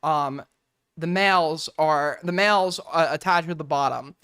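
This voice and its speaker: A man's voice: fairly high pitch, measured pace, fairly bright tone, clean tone. A man streaming, reacting to a video clip with sarcastic, rambling commentary and bursts of laughter.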